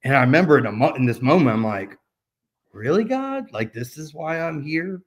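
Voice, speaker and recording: A man's voice: mid-range voice, fast talker. A man in his thirties telling a personal story in a casual chat, rambling with many fillers and restarts. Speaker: podcast guest.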